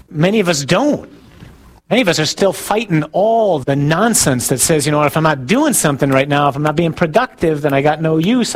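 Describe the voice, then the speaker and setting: A man, a priest, giving a sermon in a conversational, self-deprecating way, with asides to the congregation. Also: high-pitched.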